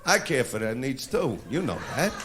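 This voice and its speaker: A male stand-up comedian doing a crude, brash routine, shouting his punchlines live on stage. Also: mid-range voice, very animated, moderate pace. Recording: echoey live venue with laughing audience and noise. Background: audience laughter.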